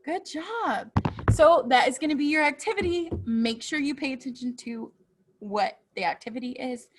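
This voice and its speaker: A woman's voice: sits high, moderate pace. A woman teaching a children's phonics lesson, patiently asking questions and answering them herself.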